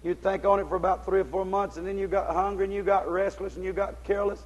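A man preaching a fiery sermon, in folksy, ungrammatical speech, swinging between shouted exhortation and low, intense tones. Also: flat delivery, quick pace, muffled recording.

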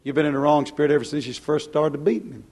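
A man preaching a plain-spoken, folksy sermon, swinging from loud to hushed. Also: a little high, steady tone, fast talker, slightly rough.

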